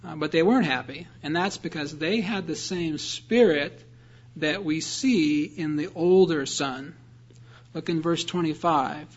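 A man's voice: a little high, a little slow, slightly rough. Earnest male preacher on a lo-fi recording. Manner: earnest, explanatory, reads scripture aloud. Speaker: pastor. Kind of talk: sermon.

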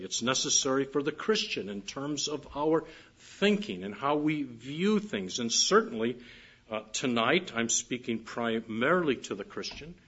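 Older male pastor, husky tone, earnest evening sermon, dull lo-fi church recording. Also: medium pitch, fairly bright tone. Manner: earnest, emphatic, with frequent fillers. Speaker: preacher.

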